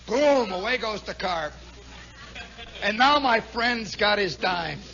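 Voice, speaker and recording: A man, a radio host, telling a comic story live in a nightclub, animated and chuckling with lots of asides. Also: high-pitched, takes it slowly, slight background noise. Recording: muffled 1960s live radio recording.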